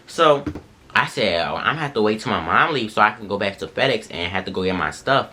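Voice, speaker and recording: A young man casually telling a story to viewers, animated and full of slang. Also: on the low side, quick pace. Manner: animated slangy retelling, addresses viewers as y'all and bro.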